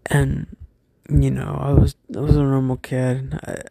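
A young man telling a personal story from his school days, hesitant and halting, often stopping and restarting. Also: medium pitch, completely flat delivery, vocal fry, warm tone, no echo, clean studio sound.

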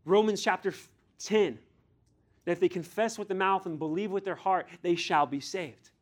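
A pastor preaching to a youth group, his male voice sitting a little higher than most. He talks in an earnest, direct way and presses his listeners with pointed questions. He now and then acts out the voices in the scripture he reads. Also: moderate pace.

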